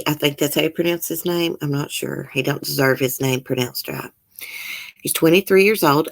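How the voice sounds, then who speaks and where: A woman hosting casual true-crime commentary, reading news aloud and reacting emotionally and bluntly. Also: sits low. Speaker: channel host.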